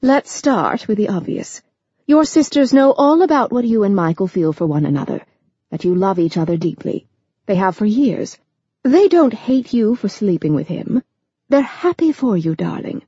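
A woman narrator voicing a gentle, loving elderly grandmother who speaks in a soothing, patient way. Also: mid-range voice, expressive, moderate pace, husky, no echo, muffled recording.

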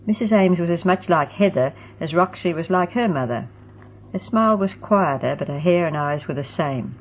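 A woman narrating a storybook in a steady, even reading voice. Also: fairly low pitch, normal speed, slight background noise. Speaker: audiobook narrator. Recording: tinny phone-like sound.

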